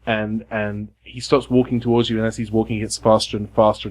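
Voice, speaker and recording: A man's voice: on the low side, level tone, darkish tone. Man narrating as game master. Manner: descriptive, pauses often with fillers. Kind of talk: narrating a tabletop role-playing game. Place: game cafe.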